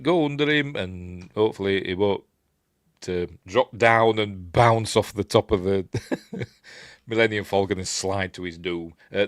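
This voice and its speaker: This is a man with a broad Yorkshire accent chatting his way through a film breakdown. His voice sits on the low side but roams widely in pitch, and he drifts between remarks, chuckles, and playful character impressions. The sound is dry and close. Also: a bit bright, dry recording. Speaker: film reviewer. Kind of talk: casual film commentary.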